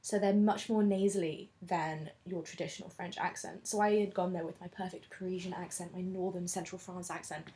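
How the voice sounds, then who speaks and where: A woman's voice: fairly low pitch, fairly even intonation, a little fast, hardly any pauses, warm tone. Chatty young woman from England. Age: 20s. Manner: chatty and candid, laughs often. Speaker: interviewee. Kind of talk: casual interview chat.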